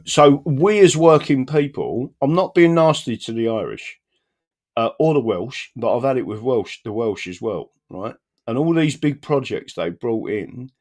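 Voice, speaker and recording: A man's voice: medium pitch, expressive, measured pace, darkish tone. A man hosting a live stream, bluntly rambling with restarts as he reads out viewer comments. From London, England. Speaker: livestream host.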